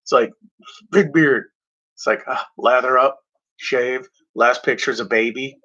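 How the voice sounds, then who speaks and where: A man talking casually about movies, rambling and halting, often clearing his throat and filling pauses. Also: medium pitch, steady tone, bright, forceful tone, lo-fi sound. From Mexico. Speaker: movie reviewer. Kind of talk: casual movie talk, reading back covers.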